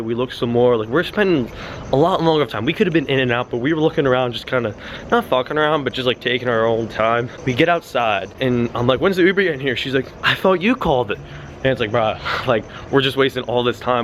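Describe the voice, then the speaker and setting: Excitable young man telling a story. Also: a little hiss or hum. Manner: excitable, swears often, acts out quotes in a high yelling voice. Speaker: vlogger. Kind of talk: casual storytelling vlog.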